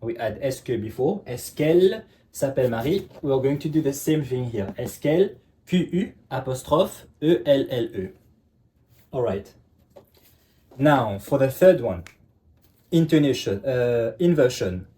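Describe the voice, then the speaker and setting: Male teacher, relaxed dark tone, patient classroom explaining. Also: medium pitch. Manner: repeats "ok" constantly, checks understanding, slow emphatic examples. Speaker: French teacher.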